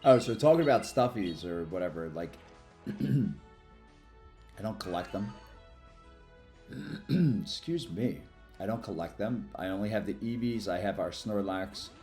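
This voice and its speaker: Chatty low-voiced male livestreamer. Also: a little mellow. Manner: rambling, chatty, quick to thank followers. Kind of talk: casual live stream chat while gaming.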